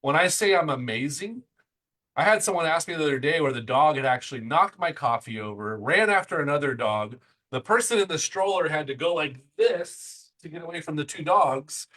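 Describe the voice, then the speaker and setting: Bright-voiced excitable male host. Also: a little high, low-quality recording. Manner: excitable, talks fast in bursts. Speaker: interview host. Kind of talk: enthusiastic motivational chat.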